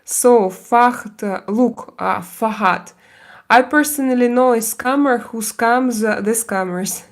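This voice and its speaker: This livestream host's voice is on the high side and slow. At home, putting on makeup on stream, she chats with viewers in a loose, rambling way, with lots of fillers and restarts and switches into mock-Spanish.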